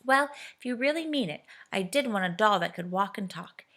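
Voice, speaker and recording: A woman reading aloud and voicing an eager little girl who speaks in quick, breathless bursts. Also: medium pitch, expressive, bright, forceful tone. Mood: pleading.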